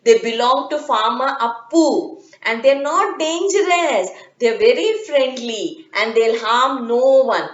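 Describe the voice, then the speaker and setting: Woman voicing gentle elderly grandparents. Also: on the high side, takes it slowly, hardly any pauses. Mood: reassuring. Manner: gentle, soothing. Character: kindly, reassuring old grandparents. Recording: echoey, dull lo-fi room.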